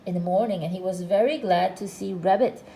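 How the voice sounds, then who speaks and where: A woman narrating a children's storybook aloud with a gentle, expressive delivery. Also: on the low side, fairly quick, gravelly, reverberant, a little hiss or hum, rough recording. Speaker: storybook reader.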